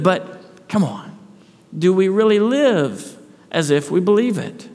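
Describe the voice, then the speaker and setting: The pastor's voice sits high and has a sing-song quality, a slow pace and a darkish tone. He delivers an earnest sermon in the church sanctuary, posing rhetorical questions and starting phrases over, with long hall reverb.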